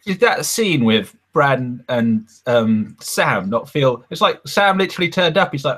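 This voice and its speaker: A man's voice: medium pitch, expressive, moderate pace, a bit bright. A man co-hosting a podcast in casual chat, telling stories in a rambling, hesitant way. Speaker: podcast co-host.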